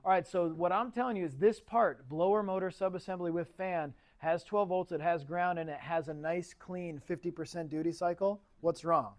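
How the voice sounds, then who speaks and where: Brief: male shop-class instructor, higher-pitched voice, loose and conversational, quizzes the room. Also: moderate pace, hardly any pauses. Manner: chatty, asks the class questions. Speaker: automotive instructor. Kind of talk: casual classroom lecture.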